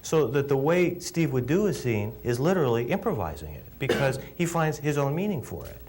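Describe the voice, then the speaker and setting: Brief: middle-aged man, film director in an interview, lively swooping pitch, emphatic and chatty. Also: brisk, background noise. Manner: animated, emphatic, repeats words. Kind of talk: interview answers, storytelling.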